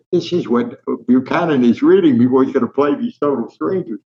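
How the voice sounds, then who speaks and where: A man's voice: mid-range voice, animated, brisk, hardly any pauses. A man in his nineties from New Jersey, a guest in an interview telling rambling, vivid anecdotes with frequent restarts. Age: 90s. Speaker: guest, veteran sports columnist. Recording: dull lo-fi sound.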